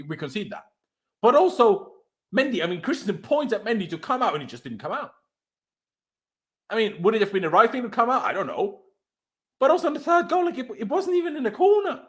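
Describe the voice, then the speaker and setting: A young man hosting a heated football reaction chat, his high voice leaping all over the place as he rants. He swears, fires off rhetorical questions and sounds thoroughly exasperated. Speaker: fan channel host.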